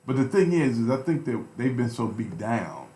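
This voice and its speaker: A man's voice: medium pitch, very animated, moderate pace, dark tone, reverberant. Impassioned man on talk radio. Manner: impassioned, preachy, repeats phrases for emphasis. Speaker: radio show co-host. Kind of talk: heated talk radio discussion.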